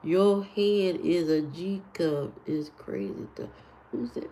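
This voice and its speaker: Brief: woman streamer, sassy and unhurried, talks back at trolls in chat. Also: on the low side, mellow. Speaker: live streamer. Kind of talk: casual live-stream chat answering comments.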